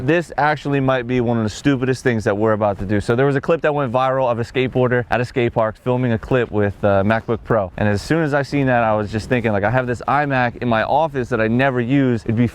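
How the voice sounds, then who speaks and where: A man hosting a casual vlog, excitable and swearing freely. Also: mid-range voice, fast talker, hardly any pauses, slight background noise. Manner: excited, swearing, laughing often. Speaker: vlog host.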